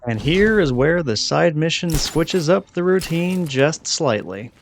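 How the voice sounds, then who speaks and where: A man's voice: a little high, lively intonation, unhurried, a little hiss or hum. A man giving casual, chatty commentary over his gameplay, rambling and self-deprecating. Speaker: gaming channel host.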